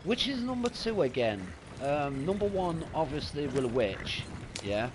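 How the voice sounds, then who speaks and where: A man's voice: fairly high pitch, very animated, measured pace. A young man chatting casually and rambling while live-streaming a video game, laughing and swearing freely. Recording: noisy gameplay audio behind.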